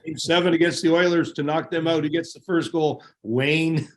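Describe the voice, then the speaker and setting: A middle-aged man, a former hockey goalie, telling lively locker-room stories as a guest. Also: fairly high pitch, moderate pace. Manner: animated, laughing anecdotes. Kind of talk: casual storytelling.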